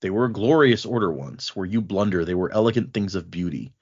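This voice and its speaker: A man voicing a stern male enforcer of the law, going low and solemn with measured delivery. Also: animated, darkish tone, husky, lo-fi sound, heavily acted.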